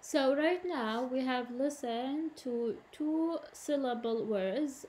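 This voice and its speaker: A woman's voice: high-pitched, slow pace, a little mellow, slight background noise. Woman teacher. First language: Arabic. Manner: explains in English then repeats in Arabic. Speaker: English teacher. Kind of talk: recorded classroom lesson.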